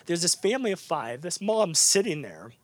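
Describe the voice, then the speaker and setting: A man preaching a sermon to a live congregation, chatty and animated, with lots of fillers and restarts. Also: a little high, moderate pace. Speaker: pastor. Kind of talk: conversational sermon.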